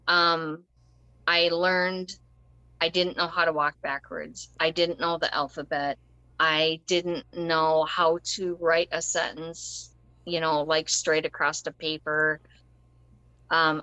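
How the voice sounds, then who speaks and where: A woman's voice: sits low, bright, forceful tone, dry recording, rough recording. A woman telling a personal story as an interview guest, rambling and conversational, with frequent ums and short laughs.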